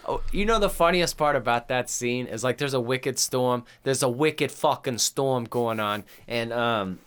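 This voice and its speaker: Rambling and profane, a thirties-aged male co-host retells a story in casual podcast chat, slipping into quoted voices along the way. His medium-pitched voice is smooth and fairly bright, and his pace stays measured.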